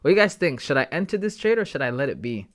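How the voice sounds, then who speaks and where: A young man hosting a live trading stream, thinking out loud and talking casually to his viewers. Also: fairly high pitch, big pitch swings, rapid-fire. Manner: thinking aloud, talks to chat with "guys" and "bro". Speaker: trading livestream host.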